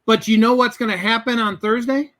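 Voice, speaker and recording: A man's voice: very high-pitched, steady tone, brisk, fairly bright tone. A man telling a business story as a guest in an interview, acting out both sides of the conversations.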